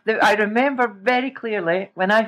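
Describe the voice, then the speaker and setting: A woman's voice: fairly high pitch, fast talker, a little hiss or hum, low-quality recording. A woman hosting a podcast interview in a chatty, casual way, laughing often. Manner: chatty, laughs often, animated when retelling. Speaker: podcast host. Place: remote call.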